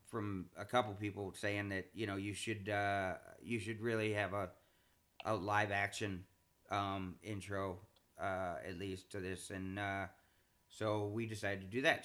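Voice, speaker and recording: Bright, halting male comedian. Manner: halting, many restarts and repeated words; animated, jumps in pitch when excited. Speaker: comedian and show creator. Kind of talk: casual podcast chat.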